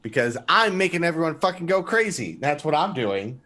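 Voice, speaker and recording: A man's voice: on the high side, sing-song, fairly quick, sharp tone. A man playing a tabletop game, chatting casually in a rambling, joking way. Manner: joking, rambling, mock-gloomy. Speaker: player. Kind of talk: casual chat.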